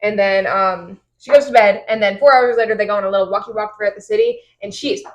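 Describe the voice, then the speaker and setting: A woman's voice: mid-range voice, fast talker, low-quality recording. A woman recapping a novel's chapters in casual, rambling podcast chat, acting out the characters' lines. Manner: rambling retelling with quoted voices. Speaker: podcast host.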